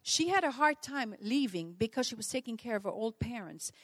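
A woman's voice: on the high side, very animated, a little fast, hardly any pauses, no echo. Earnest woman preacher, born in Holland. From Netherlands. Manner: earnest, storytelling, asks the listeners questions. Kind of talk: sermon.

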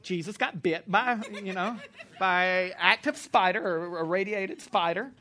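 Man, pastor, animated sermon, joking, bright edgy tone, church congregation. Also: high-pitched, measured pace. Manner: animated and joking, at times shouting.

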